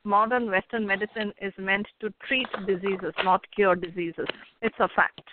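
A woman's voice: medium pitch, steady tone, normal speed. A woman author and coach, the interview guest, giving earnest advice and telling folksy stories. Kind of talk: casual interview talk. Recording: phone line with faint noise.

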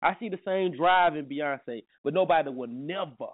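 A man's voice: a little high, moderate pace. A man hosting a casual morning talk show, laid-back, often repeating himself as he talks. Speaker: host. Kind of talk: casual chat. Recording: tinny phone line, faint music behind.

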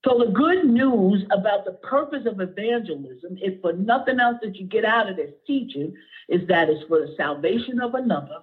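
A middle-aged female pastor preaches with expressive passion in a medium-pitched, slightly rough voice at a moderate pace. She sometimes comes close to tears and calls on the congregation to answer her. Everything sounds tinny, as if over a phone.

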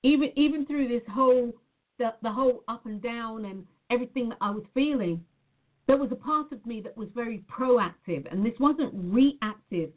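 A woman with a fairly high voice gives an earnest motivational talk, coaching her listeners. She leans on repeated words for emphasis. The sound is thin and tinny, like a phone line. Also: normal speed.

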